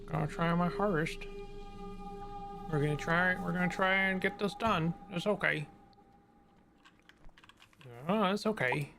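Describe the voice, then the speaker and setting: Gravelly man rambling over game music. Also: high voice, unhurried, pauses often. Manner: rambling, self-mocking talk to himself while playing. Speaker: gaming channel host. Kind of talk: casual let's-play commentary. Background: loud game music.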